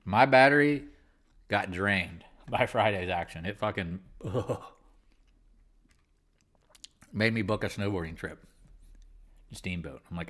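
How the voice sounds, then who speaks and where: A man's voice: on the low side, a little slow, a bit bright. A man hosting a live market chat, talking candidly and rambling, with casual swearing. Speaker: livestream trading host.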